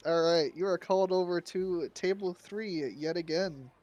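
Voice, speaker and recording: A man running a tabletop game as game master, relaxed and often laughing. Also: high-pitched, normal speed.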